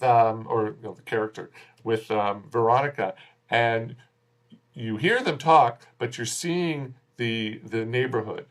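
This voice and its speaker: A man's voice: medium pitch, a bit bright. A man giving a casual spoken film review, rambling a little and chuckling wryly at his own jokes. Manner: rambling, with frequent fillers and restarts.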